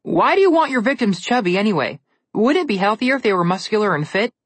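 A woman's voice: mid-range voice, big pitch swings, fast talker, husky, no echo, voice pushed up. A woman voicing a cautious, sarcastic young boy in a storybook reading, with dry, indignant remarks. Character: sarcastic, cautious boy, the girl's twin brother.

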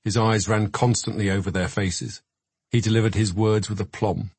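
A man narrating a memoir audiobook in a measured, reflective way. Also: lowish voice, little pitch movement, breathy edge, no room sound.

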